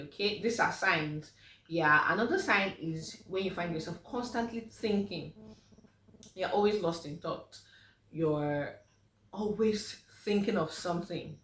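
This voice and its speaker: A woman's voice: on the low side, fairly bright tone, recorded from a distance. Woman talking in an echoey room. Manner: conversational, many fillers, acts out quoted replies. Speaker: women's health physiotherapist. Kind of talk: informal health talk to mothers.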